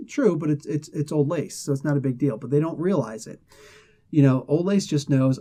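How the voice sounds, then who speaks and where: A man hosts a casual comic book review, chatting in an animated way full of laughs and side remarks. His voice is fairly high and his pace moderate.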